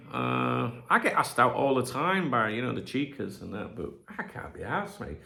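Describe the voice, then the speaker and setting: A man's voice: medium pitch, expressive, normal speed, vocal fry, few pauses, pushed and bright. A man in his forties with a Northern English accent, chatting casually on a home livestream as host, rambling, sweary and jokey. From north of England. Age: 40s. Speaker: channel host.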